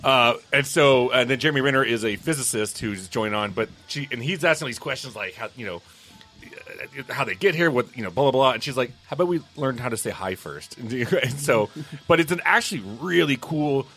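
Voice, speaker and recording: A man hosting a comedy podcast, telling stories and recommending a movie with animated, laughing delivery. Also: mid-range voice, fairly quick, faint music behind. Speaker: podcast host.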